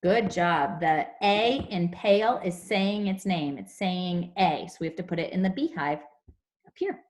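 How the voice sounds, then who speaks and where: A young woman leads a phonics lesson for small children on a video call. Her voice sits slightly low, and she explains each sound slowly and clearly, like a patient teacher. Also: lively intonation, a little mellow. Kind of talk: online class phonics lesson.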